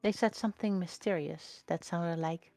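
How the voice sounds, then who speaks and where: A woman reading a storybook aloud in a slow, lilting, expressive way. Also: fairly low pitch, no room sound, faint music behind.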